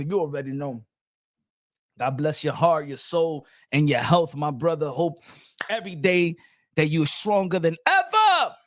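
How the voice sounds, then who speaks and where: A man hosting a boxing livestream, loud and joking, switching between languages while reading super chats. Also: a little high, no room sound, studio quality. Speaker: boxing show host.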